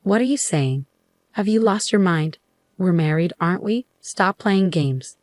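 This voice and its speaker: A woman's voice: on the low side, animated, a little slow, darkish tone, no room sound. A woman reading as a snide, condescending husband. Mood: angry. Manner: snide, ranting. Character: scornful condescending husband, adult man.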